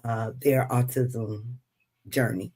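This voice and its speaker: Slow-talking interview host. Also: medium pitch, steady tone. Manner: slow, warm-hearted questioning with many affirmations. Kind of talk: casual live-stream interview.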